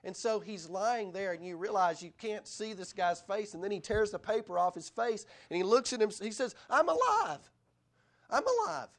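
A middle-aged man delivers a sermon in a notably high voice. He preaches earnestly but conversationally, and he leans on rhetorical questions to draw in his listeners. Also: steady tone, moderate pace, few pauses. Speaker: pastor.

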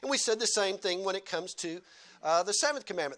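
A man's voice: high voice, expressive, brisk, bright, forceful tone. A male pastor delivering a sermon at a church service, earnest, repeating key phrases and asking rhetorical questions.

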